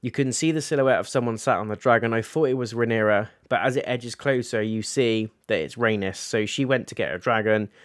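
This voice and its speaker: A man's voice: medium pitch, a little fast, few pauses, dry recording, studio quality. A man gives a casual episode review, animatedly recapping scenes and acting out the characters' lines.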